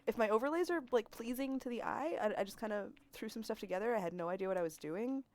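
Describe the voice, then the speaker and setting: A woman's voice: mid-range voice, fast talker, a little mellow. A young adult woman streaming a game at home, chatting in a rambling, giggly way with lots of fillers, on a desk microphone. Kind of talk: casual game-stream chat.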